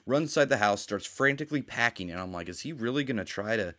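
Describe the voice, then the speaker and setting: A man's voice: medium pitch, lively intonation, fast talker, a bit bright. A man co-hosting a casual chat, rambling as he retells scenes and quotes the characters. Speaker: podcast co-host.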